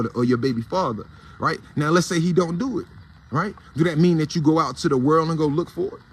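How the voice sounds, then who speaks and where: A man with a higher voice and a little hiss or hum in the audio hosts a casual morning commentary show. Speaking with an African American Vernacular English accent, he's blunt, heated, and profane, in a preachy way.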